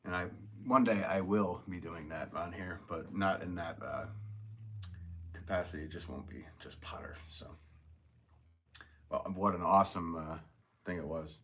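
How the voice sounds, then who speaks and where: A man's voice: deep voice, moderate pace, long pauses, fairly bright tone. A man hosting a casual live stream, reading viewer comments aloud, chatty and upbeat, thanking people and laughing often.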